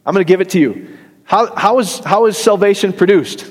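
Speaking in a high-pitched, brisk voice, a middle-aged man preaches a jokey, conversational sermon in a church hall with long reverb, often asking the congregation questions and laughing at his own jokes.

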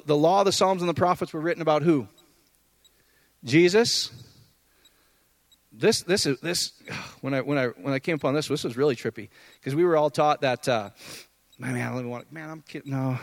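A man preaching a casual sermon, talking to the audience in a conversational way, asking them questions and swinging between loud high bursts and low quiet asides. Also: normal speed, long pauses, dry recording. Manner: asks the audience questions often.

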